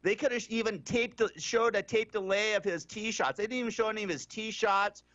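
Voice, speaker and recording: Brash, ranting radio host, bright voice. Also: male voice, high voice, brisk, no echo. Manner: brash, ranting, laughs often. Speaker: radio talk show host. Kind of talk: casual radio talk. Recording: dull, muffled radio broadcast.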